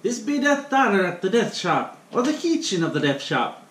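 A man's voice: sits high, big pitch swings, a bit bright, pitched above the performer's own voice. A man putting on a hammy fake Irish accent as a stage-Irish cooking show host, in an echoey home kitchen. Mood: jolly. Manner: exaggerated, slow and sing-song. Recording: echoey kitchen with faint room noise.

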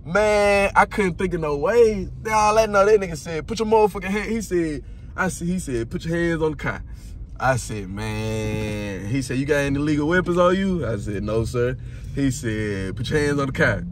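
A young man, telling a story to friends in a car in an animated, profane, laughing way. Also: on the high side, normal speed, slight background noise. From Mississippi, US. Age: young adult. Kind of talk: casual storytime among friends.

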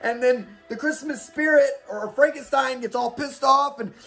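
A man with a high voice retells movie plots in a loose, profane, rambling comic rant. He swears constantly and acts out scenes as he goes. Quiet music sits faintly under him. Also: moderate pace, vocal fry. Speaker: host recommending movies.

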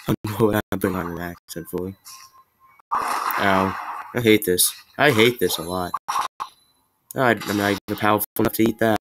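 A man giving rambling, excitable, self-mocking gameplay commentary. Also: lowish voice, normal speed, background noise. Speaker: gamer.

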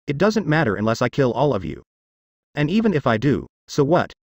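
A man voicing a defiant, ruthless young man in a storybook reading, with an even, unacted delivery. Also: mid-range voice, a little fast, no echo, lo-fi sound. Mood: contemptuous.

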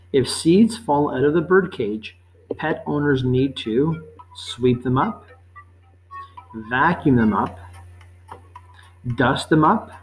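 A man teaching a life-skills quiz, reading each question slowly and patiently, then repeating it before giving the answer. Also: medium pitch, rough recording. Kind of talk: quiz lesson narration.

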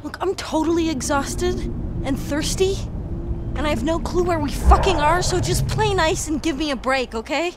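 A woman's voice: high voice, moderate pace, heavy background noise, lightly acted. An actress playing a weary young drifter woman. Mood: irritated. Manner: weary, pleading. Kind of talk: video game acting.

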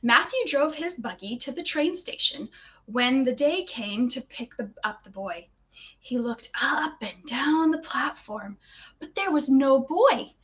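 A woman reading stories aloud to children in a cheerful, animated and expressive way. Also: high-pitched, measured pace. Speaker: storyteller for children. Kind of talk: children's read-aloud storytime.

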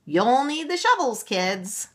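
A woman's voice: on the high side, big pitch swings, slow, fairly bright tone, pitched above the performer's own voice, exaggerated voice. A woman voicing a fond, forgetful old great-aunt in a read-aloud storybook. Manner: fond, a bit muddled.

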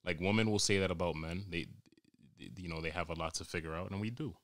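A man's voice: sits low, quick pace, fairly bright tone, dry recording, studio quality. A man hosting a podcast, ranting in a rambling, crude, exasperated comic monologue, recorded at home. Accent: New York. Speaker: podcast host. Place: home during quarantine.

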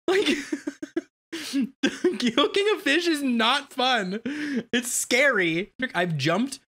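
A game streamer giving casual let's-play commentary, excitable and quick to swear and yelp at sudden scares. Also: high-pitched. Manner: excitable, swears a lot, yelps at jump scares.

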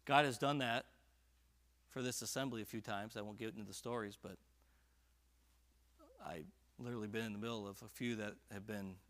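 A man preaching at a church prayer service, reading scripture aloud and rising to loud, fervent emphasis on key lines. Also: lowish voice, steady tone, fairly quick, long pauses. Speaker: pastor. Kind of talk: sermon. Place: church sanctuary.

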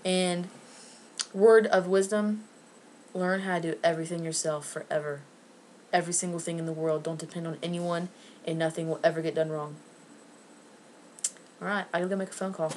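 A woman's voice: on the low side, fairly even intonation, normal speed, long pauses, darkish tone, a little hiss or hum. A woman vlogger ranting angrily and sarcastically to camera, with plenty of swearing. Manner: angry, profane, sarcastic.

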